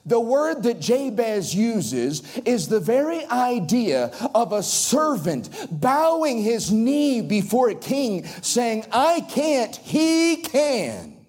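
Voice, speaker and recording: Lively high-pitched Southern preacher. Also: male voice, takes it slowly, hardly any pauses. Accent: coastal North Carolina. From Outer Banks of North Carolina. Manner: swings between ringing highs and hushed drops. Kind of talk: sermon.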